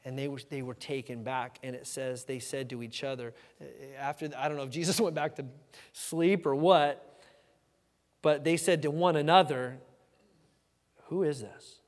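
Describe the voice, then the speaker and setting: A man preaching a sermon in a lively, conversational way, acting out the voices in the story with sudden shouts. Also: mid-range voice, moderate pace. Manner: animated, conversational, acts out quoted voices with shouts. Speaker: pastor. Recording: hall reverb.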